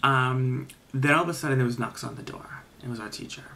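A man's voice: mid-range voice, a little fast, creaky, pushed and bright. A man in his late twenties telling a spooky story in casual narration, rambling with lots of fillers and the odd swear word.

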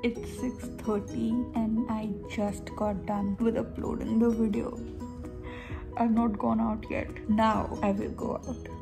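A young woman chats her way through a casual vlog, gushing and full of fillers. Her voice sits a little high. Background music runs clearly beneath her. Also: little pitch movement, measured pace. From India. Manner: gushing, chatty, lots of "like" fillers. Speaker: book vlogger.

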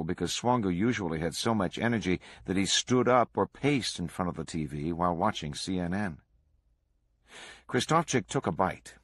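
A man reading a true crime book aloud to a book club in a steady, measured way. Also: low voice, slightly rough, no echo.

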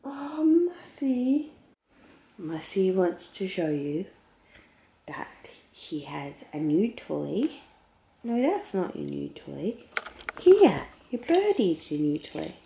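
A woman's voice: on the low side, sing-song, slow, vocal fry, warm tone, slight background noise. An Australian woman vlogging at home in a guest room, chatting into a handheld camera and using playful sing-song baby talk with her son. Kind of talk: casual home vlog.

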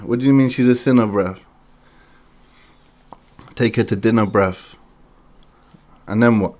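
A man, hosting a music reaction and talking casually with lots of slang, quick to get excited. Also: on the low side.

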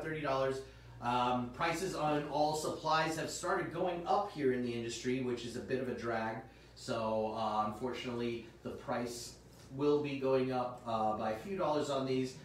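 A man hosting a comic book sales livestream, with upbeat salesman patter and sudden loud shout-outs. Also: mid-range voice, slight background noise. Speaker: host of a comic shop livestream. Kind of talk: live sales stream chat. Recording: echoey room, mic far off.

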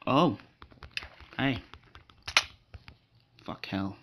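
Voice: mid-range voice, expressive, takes it slowly, slight background noise. A gaming channel creator giving casual gameplay commentary, ranting with frustration, swearing and repeating the same complaints. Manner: frustrated, swearing rants with much repetition.

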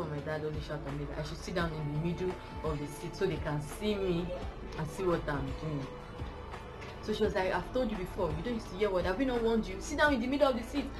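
A woman with a Nigerian accent telling a personal story in a vlog, rambling and correcting herself as she goes. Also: low-pitched. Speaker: vlogger. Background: music.

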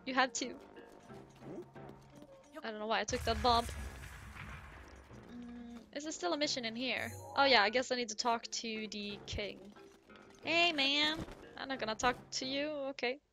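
A woman's voice: on the high side, unhurried, long pauses, pushed and bright, soft background music. A woman giving casual, chatty let's-play commentary, giggling and swearing casually. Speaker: gaming streamer.

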